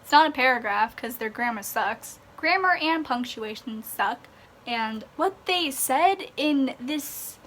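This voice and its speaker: A woman's voice: sits high, fairly bright tone. A young woman ranting in a vlog, exasperated and sarcastic, sighing and swearing. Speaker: vlogger.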